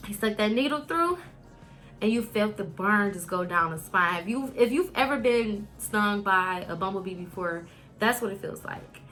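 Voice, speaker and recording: A young woman vlogging a candid, animated personal story, full of casual fillers. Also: on the high side.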